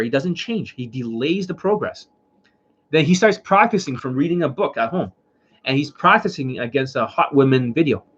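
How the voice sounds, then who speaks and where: A man's voice: medium pitch, fairly bright tone, husky, muffled recording. A man, a dating coach, lecturing bluntly in a casual livestream rant, swearing and repeating his points. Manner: blunt, profane, repetitive lecturing.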